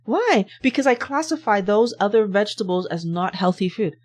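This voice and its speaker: A woman's voice: medium pitch, lively intonation, moderate pace, darkish tone. A woman hosting a health channel, giving a motivational talk to camera and pressing her point with repeated rhetorical questions. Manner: emphatic, repetitive rhetorical questions.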